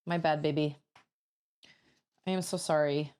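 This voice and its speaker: A woman's voice: sits low, steady tone, measured pace, a little mellow, clear, resonant tone. A woman in her thirties chatting casually as a streamer, laughing often and breaking into sudden exclamations. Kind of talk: casual chat while building.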